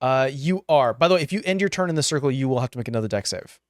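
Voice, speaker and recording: Man calmly running a dice game, dry sound. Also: medium pitch, rapid-fire, no room sound. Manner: relaxed, explaining rules and calling turns. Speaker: game master. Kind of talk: running a tabletop game, casual.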